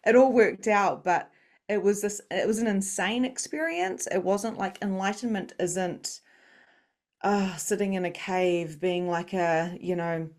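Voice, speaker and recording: A middle-aged woman, an interview guest, tells her story in an animated way, acting out the voices she quotes and laughing often. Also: lowish voice. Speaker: psychic medium and coach, interview guest.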